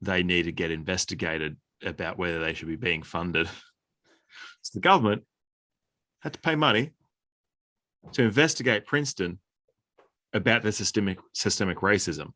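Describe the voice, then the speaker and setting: A man's voice: low voice, normal speed, long pauses, bright, forceful tone, no room sound. A man, a podcast guest, talking bluntly and opinionatedly in casual chat, swearing now and then.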